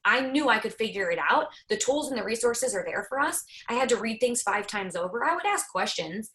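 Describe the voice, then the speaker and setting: A woman in her thirties telling a candid, lively personal story on a team call, laughing along the way. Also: fairly high pitch, fairly quick. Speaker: network marketing team leader.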